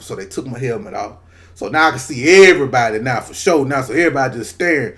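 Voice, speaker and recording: Male vlogger, 40s, animated storyteller, profane, slightly high pitch. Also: fairly quick. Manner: animated, profane, acts out quoted voices. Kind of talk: casual storytelling to camera.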